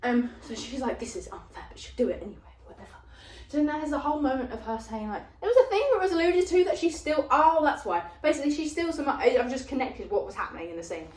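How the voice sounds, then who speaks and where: A young woman, casually retelling a film's plot in a rambling, animated way, full of fillers. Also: high voice, fast, hardly any pauses, recorded from a distance. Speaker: vlogger retelling a film plot. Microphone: phone propped up at a distance. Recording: roomy, voice off the phone mic.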